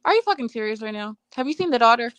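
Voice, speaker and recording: A woman's voice: a little high, lively intonation, very fast, crowd noise. Blunt gossiping woman in casual chat. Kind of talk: casual late-night chat.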